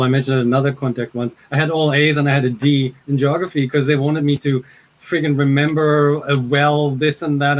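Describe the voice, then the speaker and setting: A man's voice: a little high, low-quality recording. Blunt man chatting on a panel. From Germany. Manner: blunt, swears casually, emphatic. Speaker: panel guest. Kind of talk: casual panel chat.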